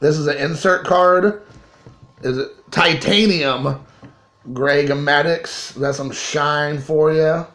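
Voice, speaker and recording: A man's voice: fairly high pitch, slow, fairly bright tone. A man from Kentucky, a card collector, chatting casually in a rambling show-and-tell vlog, often correcting himself mid-sentence. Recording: roomy echo.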